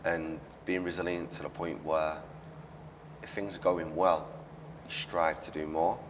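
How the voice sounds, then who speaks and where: Hosting a casual interview podcast, a man speaks in a very deep, flat, unhurried voice, earnestly repeating phrases for emphasis. The mic is distant in an echoey room, and a little hiss or hum comes through.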